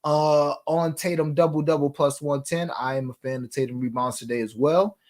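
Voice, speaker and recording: A man's voice: on the high side, fairly even intonation, normal speed, darkish tone. Laid-back man hosting a betting show. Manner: laid-back, slangy, reads viewer comments aloud. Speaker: sports betting show host. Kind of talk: casual chat reading live comments.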